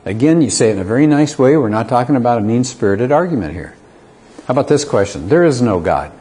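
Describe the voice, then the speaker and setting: A man's voice: medium pitch, animated, fast, dark tone. A middle-aged man, a community college teacher, giving an earnest lecture to a live audience, asking rhetorical questions and acting out both sides of short dialogues.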